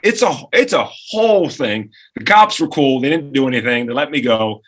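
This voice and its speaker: Radio co-host in his forties, animated storyteller; bright, slightly husky voice. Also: mid-range voice, moderate pace. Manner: animated storyteller who acts out quoted voices. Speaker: radio co-host and producer, podcast guest. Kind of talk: lively anecdote-telling in conversation.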